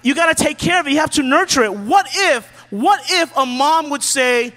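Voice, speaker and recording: High-voiced casual preacher in a reverberant hall. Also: male voice, lively intonation, normal speed, pushed and bright. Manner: casual, joking preacher who acts out quotes. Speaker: pastor. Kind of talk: sermon.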